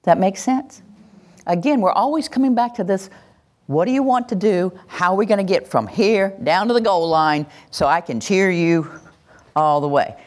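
A woman's voice: medium pitch, moderate pace. A middle-aged woman teaching a parenting workshop, acting out what parents and children say and laughing often. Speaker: parenting instructor.

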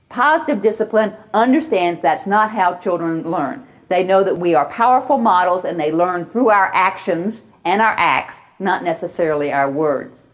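A woman teaching about positive discipline in a lecture. She tells stories from daily life and briefly mimics children's cries and voices to make her points. Her voice sits at a middle pitch for a woman. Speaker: parenting educator. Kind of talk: lecture with anecdotes.

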